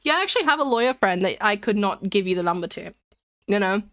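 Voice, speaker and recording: A woman's voice: mid-range voice, lively intonation, quick pace, a bit bright, dry recording, clean studio sound. A young woman streamer chatting casually with her chat, rambling and giggling between jokes.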